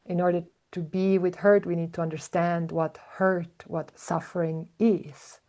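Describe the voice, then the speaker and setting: Mellow, slow-spoken woman teaching. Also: lowish voice, little pitch movement. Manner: slow, searching, with soft fillers and hums. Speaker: spiritual teacher, podcast host. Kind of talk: reflective spiritual talk.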